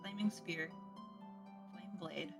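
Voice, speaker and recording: A woman's voice: fairly low pitch, slow pace, gravelly, music in the background. A woman playing in a live-streamed tabletop game, chatting in a bubbly way and laughing easily.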